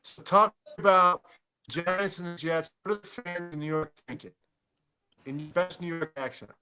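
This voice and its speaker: A man asking quick questions in a casual sports chat. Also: high-pitched, pushed and bright, smooth, faint music behind.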